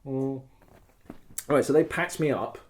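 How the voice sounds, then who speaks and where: A man co-hosting a podcast, telling a long story in casual chat, rambling and animated, full of "like" and the odd swear word. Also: medium pitch, slow. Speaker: podcast co-host.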